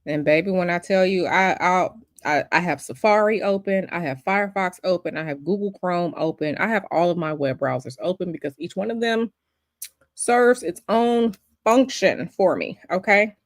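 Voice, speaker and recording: A woman's voice: on the low side, moderate pace, no room sound, studio quality. A woman hosting a casual livestream, chatty and sassy, calling her viewers y'all and baby. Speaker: livestream host.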